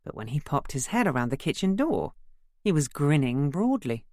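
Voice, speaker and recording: A woman reads a novel aloud in the first person, with a low voice. Her narration moves lively up and down. The sound is close and dry. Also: moderate pace, no echo. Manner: expressive first-person storytelling. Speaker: audiobook narrator. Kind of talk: scripted narration.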